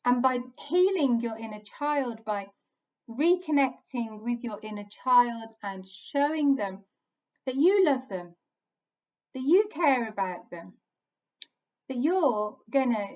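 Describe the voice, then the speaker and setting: A woman giving a gentle, earnest self-help talk as an inner child healing coach, speaking in short, repeated phrases. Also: a little high, lively intonation, slow. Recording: dull lo-fi sound.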